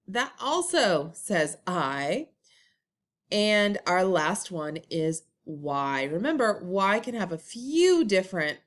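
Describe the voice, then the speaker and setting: A woman leads a recorded phonics lesson for first graders. She talks extremely slowly, stretching her words in a sing-song way. Her pitch rises and falls a great deal, like a teacher coaxing young learners. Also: fairly bright tone. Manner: slow, drawn-out, sing-song teacher talk. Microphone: computer recording.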